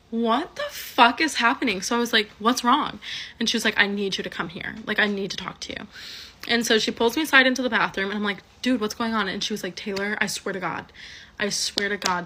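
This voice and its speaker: A woman's voice: mid-range voice, pushed and bright. A young adult woman telling a personal story in a casual monologue, rambling with lots of "like" and "um" and some swearing. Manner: rambling, heavy use of "like" and "um", swearing.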